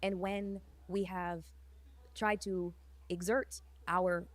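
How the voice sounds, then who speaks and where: A woman's voice: on the low side, level tone. A woman in her thirties telling her life story in a reflective, dreamy way. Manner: reflective, dreamy, drawn-out phrasing. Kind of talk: personal storytelling. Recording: faint music underneath.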